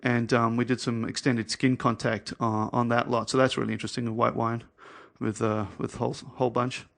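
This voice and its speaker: Male podcast guest, mid pitch, meandering anecdotal delivery with frequent ums. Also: little pitch movement, fairly quick, vocal fry, a bit bright. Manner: rambling anecdotes with many "um"s and restarts. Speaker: winery owner, guest. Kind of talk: casual storytelling interview.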